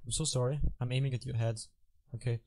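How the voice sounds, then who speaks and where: A man's voice: medium pitch, steady tone, fast, a little mellow. A man giving casual gaming commentary, rambling with joking, self-mocking asides as he plays. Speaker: gameplay commentator. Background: game music and effects.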